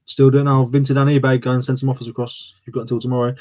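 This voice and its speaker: A man chats loosely on a live stream, bantering with viewers and reading their comments aloud. His pitch sits right in the middle for a man, and his manner is playful and chatty. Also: fairly even intonation, fast, few pauses, a little mellow. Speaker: channel host streaming live. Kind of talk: casual live-stream chat.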